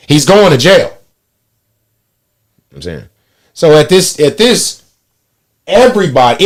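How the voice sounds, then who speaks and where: A man, hosting a podcast and telling profane stories in casual chat. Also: fairly high pitch. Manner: animated storytelling, profane, laughs often. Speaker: podcast host.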